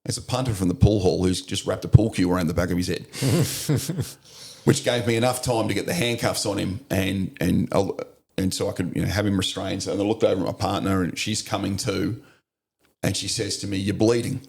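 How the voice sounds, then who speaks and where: Low, creaky and slightly dark, the voice belongs to a middle-aged Australian veteran of the army, navy and police, guesting on a podcast. He tells war stories a touch quickly in a steady tone, cursing bluntly and frequently breaking into laughs during the laid-back interview.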